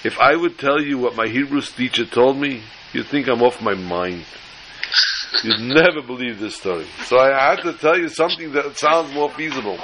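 A man voicing a flustered young boy who stammers and rushes through an excuse. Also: mid-range voice, noisy background, close to an everyday voice. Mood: tearful. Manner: stammering, breathless storytelling.

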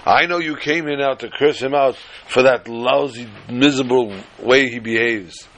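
A man voicing a shrill middle-aged wife who screams at her drunken husband. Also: normal speed, fairly bright tone. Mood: scornful. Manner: screeching, accusing.

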